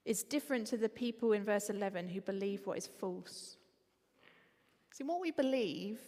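A woman with an Essex accent preaching a sermon in a conversational, lively way, with frequent ums. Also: medium pitch, in a large hall.

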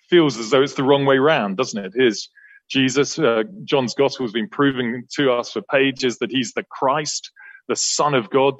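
A man preaching a sermon in church, explaining a Bible passage with earnest emphasis that rises and then falls soft. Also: medium pitch, no room sound, highs cut off.

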